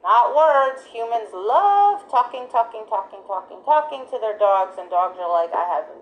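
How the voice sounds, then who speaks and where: A woman's voice: on the high side, lively intonation, measured pace, muffled recording, a little hiss or hum. A woman giving a dog training lesson in an emphatic, direct way, often checking in with "right?". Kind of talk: instructional talk.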